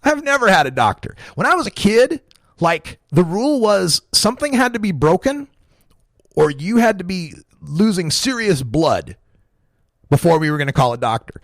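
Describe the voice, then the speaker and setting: A man's voice: high voice, big pitch swings, normal speed, a bit bright, dry recording, clean studio sound. A man in his forties hosting a talk radio show, ranting with impassioned, profane energy and frequent chuckles. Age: 40s.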